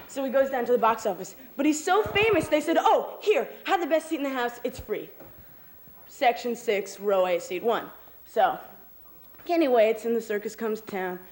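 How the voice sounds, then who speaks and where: A woman's voice: a little high, animated, normal speed, a little mellow, a little hiss or hum, low-quality recording. A woman telling a long joke on a city street, acting out each character with big jumps in her voice. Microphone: camcorder microphone.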